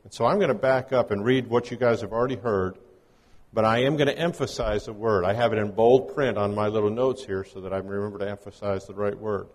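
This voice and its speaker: A man's voice: on the low side, steady tone, fast, hardly any pauses, a little mellow, in a large hall. A man delivering a conversational, folksy sermon as a guest preacher, mixing scripture readings with casual teaching. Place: church.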